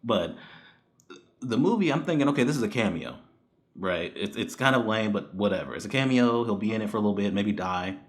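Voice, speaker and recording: A man giving a casual spoken movie review, animated and exasperated, who swears freely and laughs often. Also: lowish voice.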